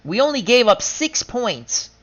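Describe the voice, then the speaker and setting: A man streaming a simulated football game, chatting casually and running through scores and stats in quick lists, laughing at his own team's losses. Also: very high voice, big pitch swings, a bit bright. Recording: dull lo-fi sound.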